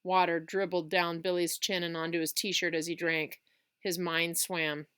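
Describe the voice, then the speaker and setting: A woman reading a children's chapter book aloud, with expressive storytelling. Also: on the low side, measured pace, clear, resonant tone.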